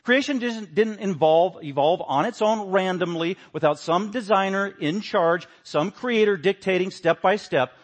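A man teaching a Bible lesson, stressing words and swinging between quiet asides and louder points. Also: high-pitched, normal speed, few pauses.

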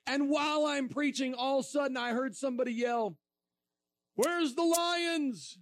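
A man preaching to a room of students, telling a story with lively acted-out quotes and bursts of laughter. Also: very high voice, brisk. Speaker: evangelist speaking to students. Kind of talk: storytelling sermon.

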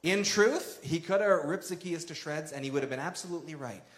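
A man's voice: a little high, brisk, fairly bright tone, echoey room. A man preaching a sermon in a conversational way, acting out quoted lines with drama. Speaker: pastor.

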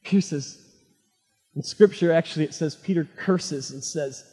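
High husky male preacher in a reverberant hall. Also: moderate pace. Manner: dramatic retelling, swinging from loud to hushed. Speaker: pastor. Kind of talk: sermon.

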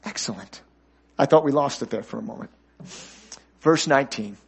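A middle-aged man preaching a sermon as guest pastor, calling out to the congregation and dropping to a soft voice at key points. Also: medium pitch, normal speed, creaky, husky. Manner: animated, calls for congregation responses.

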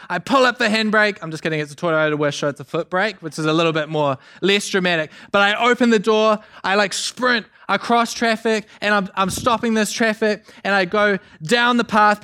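A young man from New preaching a sermon, telling a story with jokes in an animated way. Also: sits high, smooth. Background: band playing softly.

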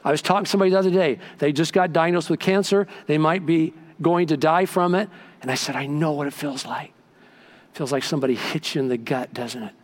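An older male pastor delivers a sermon in a church, his voice sitting a touch higher than most men's. He tells stories with animated energy, rising to loud emphatic peaks and then dropping to near-hushed moments. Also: quick pace. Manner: animated storytelling preacher, swings from loud to hushed. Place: church sanctuary.

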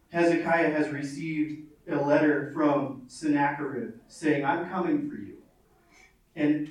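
A man preaching an earnest sermon, stopping to read scripture aloud and repeating phrases for weight. His voice sits fairly high. He is heard from some distance in a strongly echoing room. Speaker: pastor. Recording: very echoey, from far off.

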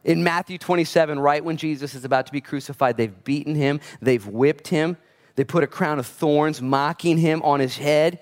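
A pastor delivers a relaxed, talky sermon with a fairly high-pitched male voice. He keeps it lively, slipping in jokes and acting out quick little voices of the people he describes. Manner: animated, acts out quoted voices, joking asides. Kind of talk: conversational sermon.

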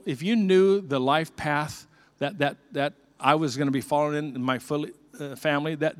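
An older man, a pastor, preaching a conversational sermon with earnest repeated restarts. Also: fairly high pitch.

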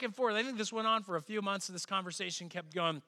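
Speaking fast with a sharp tone, a middle-aged man gives a sermon as pastor. He keeps it personal and conversational, and when he quotes others his pitch leaps abruptly into their voices.

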